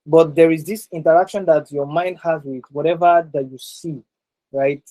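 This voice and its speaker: A man's voice: fairly high pitch, steady tone, moderate pace, dark tone, rough recording. Man teaching an online class, saying "right?" a lot. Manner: repeats points, tags sentences with "right?". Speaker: exam prep instructor. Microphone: video call.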